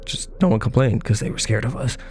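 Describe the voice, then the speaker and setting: A young man in his twenties telling a rambling, profane story in a casual monologue and jumping into squeaky voices when he quotes people. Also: fast, a little mellow, a little hiss or hum. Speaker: podcast host.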